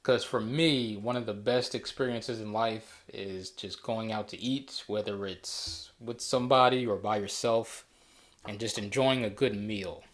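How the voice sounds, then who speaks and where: A man's voice: fairly low pitch, steady tone, measured pace. A man hosting a casual solo talk show, rambling easily with frequent restarts and fillers. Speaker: podcast host.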